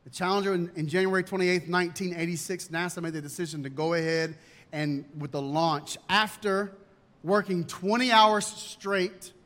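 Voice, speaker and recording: A man's voice: a little high, steady tone, fairly quick, fairly bright tone. A male pastor preaching a sermon emphatically and asking rhetorical questions, in a church. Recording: long hall reverb.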